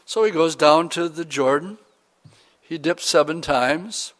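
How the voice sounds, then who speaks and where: Man, preacher, sermon, casual storytelling, slangy, slightly high voice. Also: a little slow, a bit bright. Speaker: pastor. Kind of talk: sermon, retelling a Bible story.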